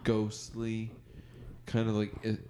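A man's voice: on the low side, completely flat delivery, slow, warm tone, a little hiss or hum. A man co-hosting a podcast in casual chat, laid-back and peppering his talk with "dude" and "like".

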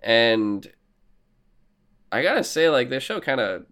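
Chatting about TV shows as a podcast co-host, a man wanders from point to point, curses, and performs his reactions in quoted voices. He speaks slowly in a medium-pitched, sing-song voice with a fairly bright tone.

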